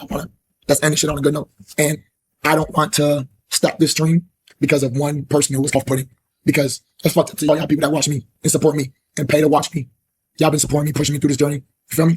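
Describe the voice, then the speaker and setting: A man's voice: a little high, a little mellow, a little hiss or hum. A young man with a sore throat talking earnestly and from the heart to his livestream viewers. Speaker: streamer. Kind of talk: emotional livestream talk.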